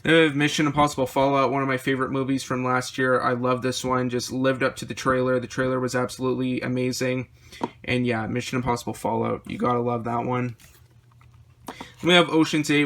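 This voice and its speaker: A man vlogging about his movie collection, rambling through titles with quick opinions, his voice a little worn. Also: mid-range voice, a bit bright, slight background noise. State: slightly losing his voice. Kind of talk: casual chat showing a collection.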